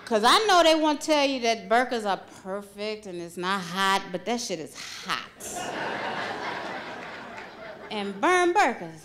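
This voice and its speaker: On stage at a live storytelling night before an audience, a woman tells a funny true story, laughing through her lines, swearing freely and staying animated. She has a mid-range voice and a slow pace, with slight background noise.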